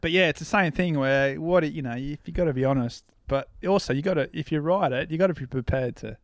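A man's voice: a little high, fast talker, no echo, clean studio sound. A man who writes about surfing, chatting as a podcast guest, rambling and laughing at himself as he goes. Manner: rambling, laughing, self-deprecating. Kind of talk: casual interview chat.

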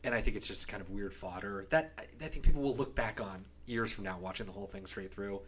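A man's voice: on the low side, fast talker, fairly bright tone, slightly rough. A man co-hosting a casual chat, sarcastic and joking, sometimes slipping into silly voices. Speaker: podcast co-host.

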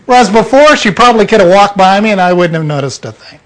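A man's voice: high-pitched, animated, fast, a bit bright. A man preaching an informal sermon to a small group, blunt and emphatic, acting out little scenes.

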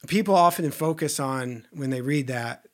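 Male podcast host, earnest and sincere, at an average pitch, often softening his voice. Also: moderate pace. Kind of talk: conversational interview.

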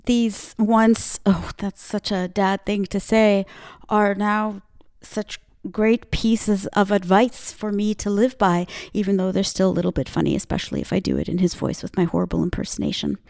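A woman's voice: medium pitch, expressive, moderate pace, creaky, a little mellow. A woman hosting a podcast, speaking into a microphone in an emphatic motivational monologue with punchy repeated slogans. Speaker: podcast host.

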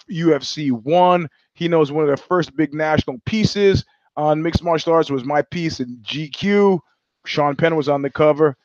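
A man with a fairly high voice hosts his own show, telling stories in a sardonic, profane monologue and mimicking other people in his anecdotes. The audio is dry, a bit dull and lo-fi, with no echo.

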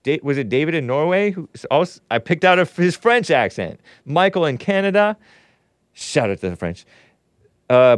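Sarcastic male commentary host, animated pitch. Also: no room sound, studio quality. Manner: sarcastic, scoffing, reads news aloud with asides. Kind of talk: opinionated commentary show monologue.

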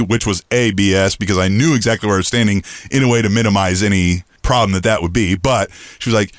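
Animated middle-aged man, booming voice. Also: quick pace, few pauses, no echo, clean studio sound. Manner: animated, acts out quoted lines in a raised pitch. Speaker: podcast co-host. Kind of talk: casual storytelling chat.

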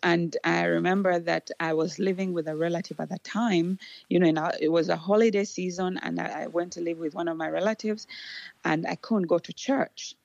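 A Ugandan woman with a low, gravelly voice tells a story in a casual interview. She is animated, laughs often and restarts her sentences, and the recording sounds dull and dry. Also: fairly quick, dry recording. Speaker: guest.

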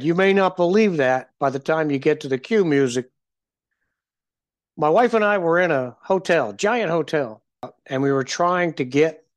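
A middle-aged man hosts a casual podcast, rambling through stories with self-mocking humor. His voice sits a little higher than most men's. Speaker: podcast host. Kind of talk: casual storytelling and show intro.

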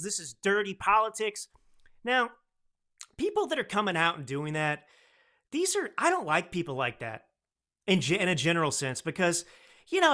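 A man's voice: high voice, bright, forceful tone. A man in his thirties hosting a political commentary podcast, talking emphatically and checking in with his producer. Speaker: podcast host.

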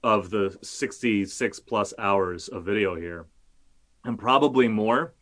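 A man's voice: lowish voice, slow pace, a bit bright. A male journalist talking casually as an interview guest, rambling with many fillers and restarts, and cursing now and then.

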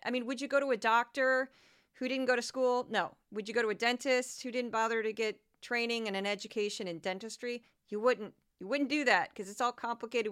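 A woman hosting a political commentary podcast, talking in an animated, indignant way and rattling off long lists with ums and uhs. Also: a little high, smooth. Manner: animated, gets worked up and indignant. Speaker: podcast host.

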